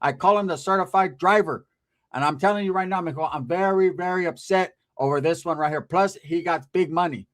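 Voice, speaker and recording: A man's voice: sits high, a little fast, a bit bright. A man voicing a fierce, foul-mouthed middle-aged aunt who bosses everyone around. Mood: brash. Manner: brash, bossy, profane.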